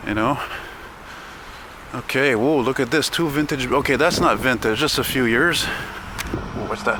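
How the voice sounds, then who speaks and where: With a mid-range voice and sharp tone, a vlogger wanders windy city streets offering casual, profane, grumbling commentary to the camera he holds. Wind and traffic noise come through the handheld mic.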